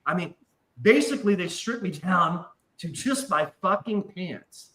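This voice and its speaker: A man's voice: sits high, a little slow, echoey room, rough recording. A man casually telling a wild story, swearing often and acting out the voices of the people in it. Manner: animated, profane, acts out voices in his story. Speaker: podcast guest.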